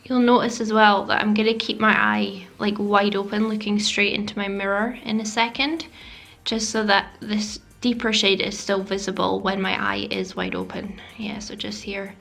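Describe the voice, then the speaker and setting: Chatty beauty vlogger with a creaky voice. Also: female voice, mid-range voice, fairly even intonation, normal speed, a bit bright, faint music behind. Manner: chatty, self-deprecating, drops into whispers. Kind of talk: makeup tutorial voice-over. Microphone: voice-over mic.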